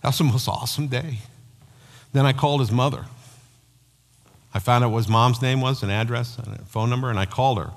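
A man preaching a sermon as pastor, telling personal stories in an animated way. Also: medium pitch, a little fast, vocal fry, pauses often. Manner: storytelling, animated, acts out quoted voices. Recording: long hall reverb.

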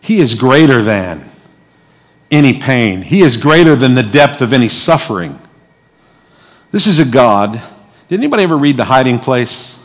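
A man preaching a sermon, dramatic, moving between hushed, quiet passages and loud, forceful lines. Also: mid-range voice, sing-song, normal speed, long pauses. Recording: long hall reverb.

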